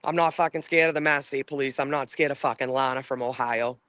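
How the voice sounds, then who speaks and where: A man's voice: medium pitch, steady tone, fast talker, bright, forceful tone, no echo. A man hosting a livestream, ranting in an angry, profane, rambling way with lots of fillers and answering chat comments. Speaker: livestream host. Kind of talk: casual livestream rant.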